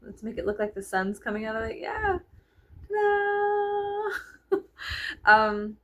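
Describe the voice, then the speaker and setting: A woman's voice: mid-range voice, big pitch swings, brisk, bright, forceful tone, poor audio. A woman chatting casually and rambling in a vlog from her bedroom, filmed with the camera's own microphone. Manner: chatty, meandering, heavy use of "like", frequent laughs. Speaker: vlogger. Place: her bedroom, under a ceiling fan. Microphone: camera mic, no clip-on microphone.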